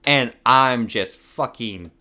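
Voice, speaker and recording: A man's voice: mid-range voice, takes it slowly, pushed and bright. A young man from Hawaii telling a rambling story on his podcast. He swears a lot, laughs at himself and his voice cracks now and then. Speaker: podcast host. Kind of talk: casual storytelling.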